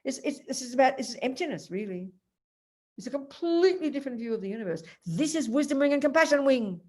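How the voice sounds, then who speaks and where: A woman teaching Buddhist philosophy in an emphatic, animated way, telling stories and addressing her students by name. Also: sits high, fast talker. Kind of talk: Dharma teaching.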